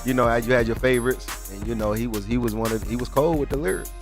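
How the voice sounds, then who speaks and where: A man's voice: mid-range voice, quick pace, over music. Laid-back Omaha man telling stories. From Omaha, Nebraska. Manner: laid-back, joking storyteller. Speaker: rapper and podcast guest. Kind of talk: casual podcast interview.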